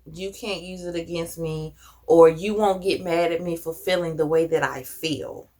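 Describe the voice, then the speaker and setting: A woman's voice: fairly low pitch, fairly bright tone. Earnest woman giving life advice. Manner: earnest, advising, conversational with casual slang. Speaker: vlogger. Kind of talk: reflective personal talk to camera.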